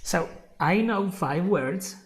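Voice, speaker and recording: Lady teaching english on a live stream, talks slow, repeats stuff, laughs a lot, says my friend. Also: fairly low pitch, lively intonation. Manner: repeats key phrases, chuckles often, calls the viewer "my friend". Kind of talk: live online English lesson.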